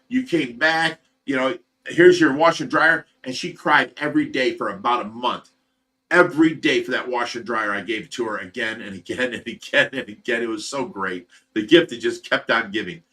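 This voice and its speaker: A man with an Ohio accent hosting a livestream, telling a long personal story in a rambling, animated way and acting out the voices of the people in it. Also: medium pitch. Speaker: livestream host. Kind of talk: casual storytelling.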